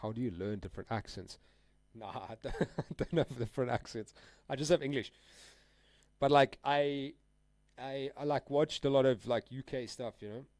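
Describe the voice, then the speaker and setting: A man's voice: mid-range voice, normal speed, a little mellow, dry recording. A man live-streaming his trades, talking casually and full of slang while he answers chat and calls out trades. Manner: casual, slangy, addresses viewers as guys and dude.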